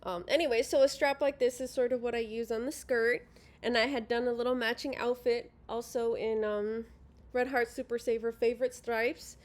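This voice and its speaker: A woman talking loosely about her handmade crafts, her voice pitched a little high. She rambles, stops on frequent ums and corrects herself as she goes, sounding sleepy from yawning. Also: steady tone, moderate pace. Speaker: crafting vlogger. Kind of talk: casual show-and-tell. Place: at home by a sofa.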